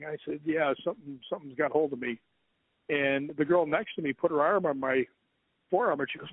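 A man with a fairly high voice tells a long, rambling ghost story as an interview guest. He acts out the other people's lines as he goes. The sound is thin and phone-like, with no room at all. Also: normal speed, no echo. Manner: rambling, animated retelling with quoted dialogue. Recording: tinny phone line, dry.

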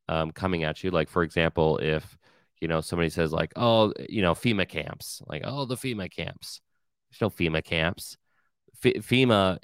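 Podcast host, male, very low and smooth, casual rambling delivery with plenty of "you know" and "um". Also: dry recording. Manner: conversational, frequent fillers, blunt asides.

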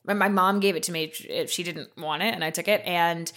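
A woman co-hosting a comedy podcast in casual chat, rambling with lots of "like" and sudden lifts in pitch. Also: fairly even intonation, a little fast, fairly bright tone. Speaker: podcast co-host. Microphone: podcast mic.

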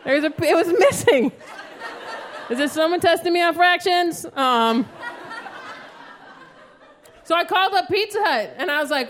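A woman in her thirties performing a profane, animated stand-up set on a club stage. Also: high-pitched, moderate pace, a faint crowd. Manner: profane, animated storytelling with acted outbursts. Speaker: stand-up comedian. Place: comedy club stage before a live audience. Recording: live show with audience noise.

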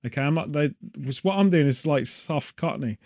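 A man hosts a loose podcast chat, rambling between stories and dropping jokey asides and puns. His voice sits a little higher than most men's. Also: normal speed, a little mellow. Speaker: podcast host. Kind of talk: casual chat.

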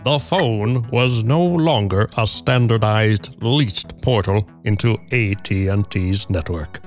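A man hosting a podcast, reading a prepared story in a measured, dry way that builds to punchlines. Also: on the low side, faint music behind. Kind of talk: scripted narration with casual banter.

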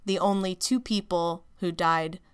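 A woman podcast host narrating a story in a measured, casual way. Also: fairly low pitch, steady tone, smooth.

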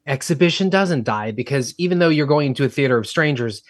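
A man's voice: mid-range voice, lively intonation, fast, dry recording, clean studio sound. A man on a podcast who talks in long rambling runs full of fillers like you know and like. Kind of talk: casual podcast chat.

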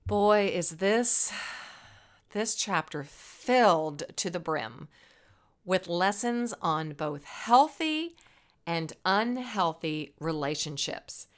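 A woman's voice: on the low side, lively intonation, slow. A woman telling a Bible story as a lesson in a playful, dramatic way. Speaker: Bible teacher.

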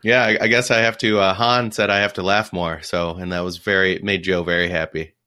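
Low-voiced man teasing his co-hosts. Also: level tone, brisk, sharp tone, clean tone, dry recording, clean studio sound. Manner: teasing, laughing often. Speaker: podcast co-host. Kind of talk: casual chat.

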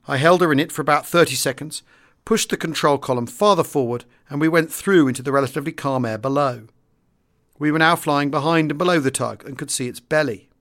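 Man reading a wartime memoir. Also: mid-range voice. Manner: steady, understated first-person storytelling. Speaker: audiobook reader.

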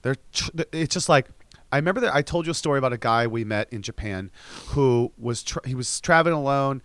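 A man co-hosting a casual podcast, talking with a lively, swinging pitch and swearing freely. He mimics the people in his stories, and his voice sounds dry and close to the mic. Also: brisk, clean tone, dry recording. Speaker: podcast co-host. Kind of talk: casual chat.

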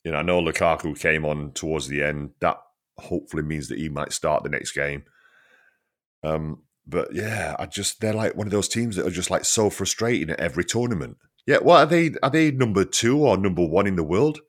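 A man's voice: low-pitched, brisk. A man hosting a casual football chat, talking with lots of fillers and laughter. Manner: chatty, laughs often, many fillers. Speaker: podcast host.

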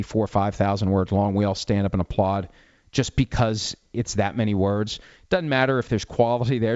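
A man's voice: on the low side, darkish tone, dry recording, highs cut off. A man in his forties, a sports writer and host, talking candidly and bluntly with many restarts. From Italian-American. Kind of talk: casual talk answering listener questions.

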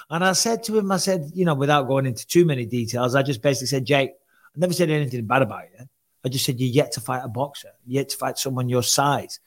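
A man co-hosting a podcast in easy, casual chat. He tells long anecdotes and acts out the back-and-forth he describes, in a mid-range voice. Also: mid-range voice. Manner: storytelling, acts out quoted exchanges. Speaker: podcast co-host.

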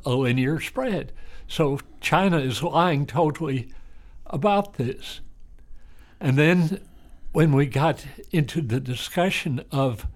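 An older man, a doctor, speaking bluntly and matter-of-factly as an interview guest. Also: mid-range voice. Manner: slow, blunt and matter-of-fact. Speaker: retired physician guest. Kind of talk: casual interview.

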